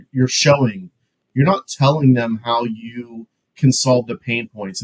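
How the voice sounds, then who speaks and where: Husky man co-host, relaxed and rambling. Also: medium pitch, poor audio. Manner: relaxed, rambling with fillers and restarts. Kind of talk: casual business podcast chat.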